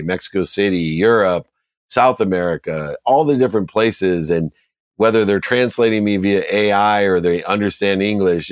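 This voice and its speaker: A middle-aged man with a low voice tells motivational stories. His cadence is emphatic and preacher-like, and he builds his points in steady rhythmic runs. The sound is close and dry. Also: no room sound. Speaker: business coach and guest. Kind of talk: motivational storytelling.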